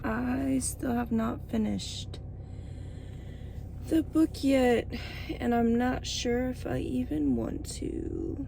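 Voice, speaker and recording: A woman book vlogger talking casually to camera, emotional and often dropping to a hushed whisper. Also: on the high side, lively intonation, takes it slowly, vocal fry, a little hiss or hum, low-quality recording. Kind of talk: casual vlog talk to camera. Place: in a car, then at home late.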